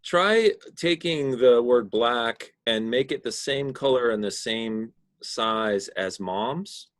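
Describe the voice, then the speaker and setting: A man's voice: medium pitch, lively intonation, slow, dry recording. Dry-voiced man giving class critique. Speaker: instructor.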